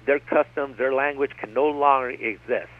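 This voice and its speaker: A man's voice: medium pitch, moderate pace. A man speaking as a radio guest, rambling and digressive, often circling back with "like I said.". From United States. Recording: tinny phone-line radio broadcast.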